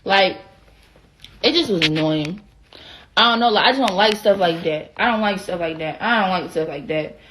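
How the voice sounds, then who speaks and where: In a casual livestream storytime, a young woman who is a social media personality rants with heat and profanity, rambling and often pausing to ask "you know what I'm saying?" Her voice is on the low side and a bit bright at a normal speed, over a rough recording with a little hiss or hum.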